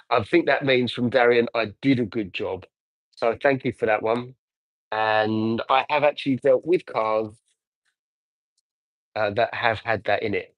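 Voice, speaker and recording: A man from England in his forties talks loosely and cheerfully as he works on a car, drifting between stories and answering viewers' comments. His voice sits at an ordinary middle pitch, and the sound is dry and close with no room echo. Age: 40s. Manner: chatty, rambling, reads out and answers viewer comments. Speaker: car detailer live-streaming. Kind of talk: casual livestream chat while working.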